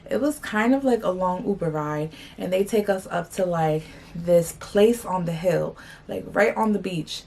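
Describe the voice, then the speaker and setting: A young New York woman vlogs, animatedly retelling a story in slangy style and repeating "like" and "blah blah" over and over. Her voice sits on the low side and runs a little slow, with slight background noise.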